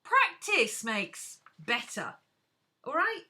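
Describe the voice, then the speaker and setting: Woman, craft live stream, casual frank chatter, bright clear tone, speaks straight to viewers. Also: sits high, huge pitch swings, extremely slow.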